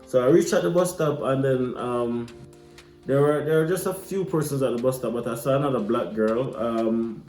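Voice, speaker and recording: A young Jamaican man telling a lively, casual story, slipping into patois. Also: medium pitch, normal speed. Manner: animated, mixes patois into his telling. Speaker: vlogger. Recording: echoey room with light music.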